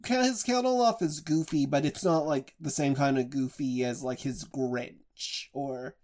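A man in a relaxed podcast conversation, reviewing film roles in an easy, talkative way. He thinks aloud, circling back on his points with plenty of filler words. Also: medium pitch, unhurried. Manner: chatty, reflective film reviewer. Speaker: podcast host. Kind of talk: casual podcast chat.

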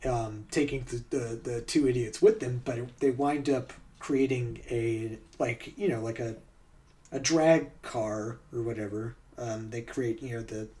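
A man's voice: mid-range voice, steady tone, unhurried, warm tone, distant mic. A man hosting a podcast in casual chat, laughing often and talking with many fillers and restarts. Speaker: podcast host.

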